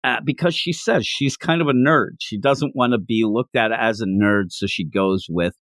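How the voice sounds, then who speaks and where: A man hosting a manga review podcast, chatting casually in a rambling, animated way. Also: mid-range voice, moderate pace, no room sound, clean studio sound. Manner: animated, rambling, lots of fillers. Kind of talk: casual chat.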